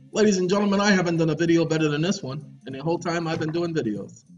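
A man speaking with a swooping, lively pitch that rises and drops sharply as he hammers home his points to the viewers. The audio is dull and lo-fi, with faint music playing underneath. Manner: preachy and emphatic, keeps addressing viewers as y'all. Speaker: video host. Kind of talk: animated informal video commentary.

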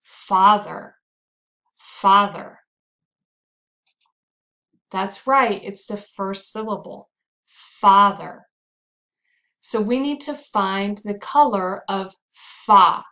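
An American woman teaching pronunciation at a very slow, deliberate pace. Her pitch sits in the middle of the range. She repeats each example word clearly, drawing it out for the learner. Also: fairly even intonation, sharp tone, poor audio. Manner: drills words slowly and repeats them.

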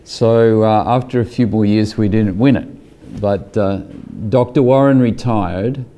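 An older man telling a casual personal anecdote, halting often on fillers and chuckling as he goes. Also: on the low side, steady tone, dark tone. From Australia. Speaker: scientist telling a personal story.

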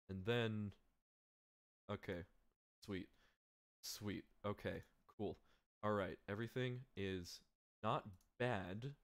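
A young man hosting a live stream, calling the action in a loud, excitable way and laughing often. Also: mid-range voice. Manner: yells and laughs at big moves, then mumbles when fixing slides. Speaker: stream host and commentator.

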